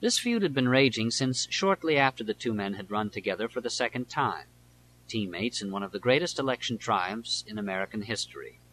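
A man with a lowish voice narrates a nonfiction audiobook in a measured, deliberate read. His tone is bright and pressing, with a forceful edge. A faint hum sits under the recording. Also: animated, low-quality recording.

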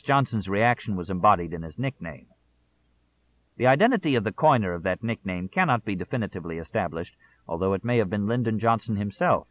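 A man narrating a nonfiction audiobook in a measured, deliberate manner. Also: lowish voice. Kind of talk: scripted narration. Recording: tinny phone-like audio.

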